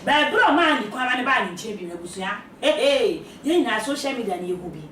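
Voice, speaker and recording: Animated woman in an echoey room. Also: fairly high pitch, quick pace, far from the mic, slight background noise. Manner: animated, laughs often, repeats phrases for emphasis. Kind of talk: casual talk show conversation.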